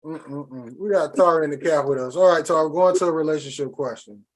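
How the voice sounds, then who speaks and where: A man hosting a podcast who leads the questions in casual chat. His voice sits slightly high for a man, and he talks in a laid-back, hesitant way. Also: a little fast. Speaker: podcast host.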